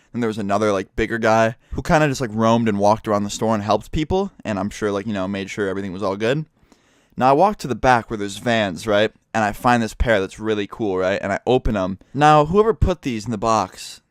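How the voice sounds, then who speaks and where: A man's voice: fairly low pitch, dry recording. A young man telling a rambling, self-mocking story with lots of swearing, speaking into a close mic. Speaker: YouTuber. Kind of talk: casual storytelling vlog.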